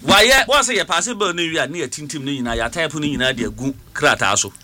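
A man's voice: on the high side, animated, quick pace, sharp tone. A man with a Ghanaian accent, a member of parliament, arguing hard in a political debate. He talks over others and repeats words, switching between languages.

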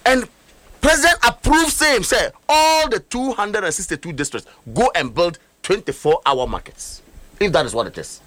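Emphatic Ghanaian man, high lively voice. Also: normal speed, dry recording. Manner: emphatic, scornful, rhetorical questions. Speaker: political guest on a talk show. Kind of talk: heated talk-show commentary.

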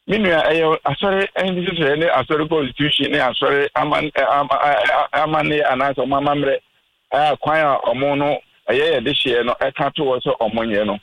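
Family spokesman, male, from Ghana, slightly high voice; earnest, pleading radio guest. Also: a bit bright, slight background noise, rough recording. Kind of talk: radio interview talk.

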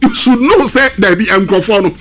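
A man's voice: high voice, normal speed, fairly bright tone. A man giving emphatic football analysis on a sports radio show, switching between English and Twi. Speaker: football pundit.

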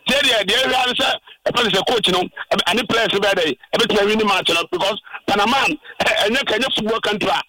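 A man's voice: high voice, a little fast, few pauses, bright, forceful tone, dry recording, poor audio. A man with a Ghanaian accent calling a radio sports show, talking with passion and many hesitant fillers. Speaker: caller. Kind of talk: call-in radio talk.

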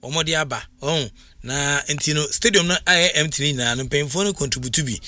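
A man's voice: a little high, a little fast, sharp tone, no echo. A Ghanaian man hosting a sports radio talk show, chatting loosely with many fillers.

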